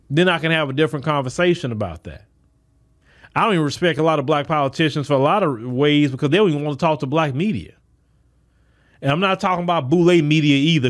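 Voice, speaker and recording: A man hosting a podcast, delivering a blunt, emphatic solo commentary that restarts and repeats words as he pushes his points. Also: a little high. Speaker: podcast host. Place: Texas.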